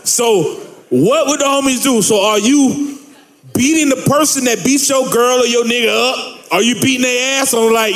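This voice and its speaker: A man hosting a live podcast on a theater stage, joking loudly and leading the segments. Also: very high-pitched, normal speed. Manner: playful, leads segments, loud joking. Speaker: podcast host. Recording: echoey theater sound.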